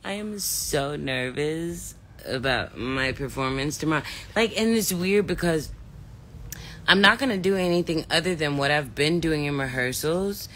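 A woman's voice: low voice, measured pace, fairly bright tone, a little hiss or hum. A woman on a livestream, chatting casually and telling stories in a brash, swearing way. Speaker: host.

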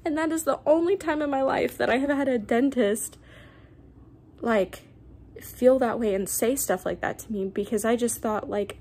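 A woman's voice: on the high side, moderate pace, a little mellow. A young woman vlogger telling a personal story in a casual, rambling way, with many fillers and restarts.

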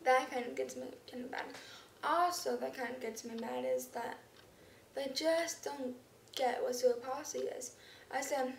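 A woman's voice: high-pitched, fairly even intonation, normal speed, vocal fry. A young woman vlogging casually, rambling with lots of ums and restarts, her speech slightly unclear. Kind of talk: casual vlog to camera. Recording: roomy echo, somewhat far from the mic, faint background noise.

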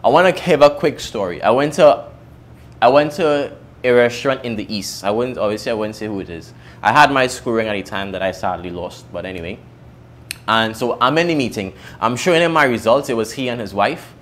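A man's voice: medium pitch, brisk. Trinidadian young man telling his story. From Trinidad and Tobago. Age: young adult. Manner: candid, emotional, swings from lively to hushed. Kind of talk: personal storytelling to camera.

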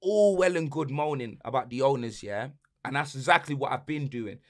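A young man with a London accent, hosting a podcast and ranting heatedly about football, repeating slang tags and swinging between shouting and muttering. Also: mid-range voice, moderate pace. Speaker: podcast host.

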